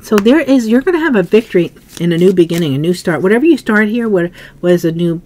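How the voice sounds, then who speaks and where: A woman giving a casual tarot reading, musing aloud as she turns cards, often coughing and clearing her throat. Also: medium pitch, very animated, brisk, a little mellow. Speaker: tarot reader.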